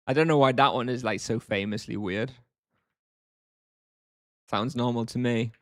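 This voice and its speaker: A man talks casually to his chat while he plays, wry and offhand. His voice sits at an ordinary middle pitch. The sound is dry and close, with no room echo. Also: steady tone, unhurried, pauses often, a bit bright. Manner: wry, offhand, answers chat between moves. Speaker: game streamer. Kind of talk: casual live-stream chat while gaming.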